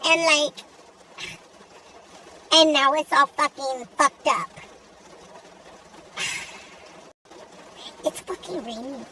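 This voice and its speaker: A young woman voicing a sassy, foul-mouthed young woman in an animated gacha video, ranting in an exasperated, profane way. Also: sits high, extremely slow, long pauses, distant mic, background noise. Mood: irritated. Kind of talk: comedic rant monologue.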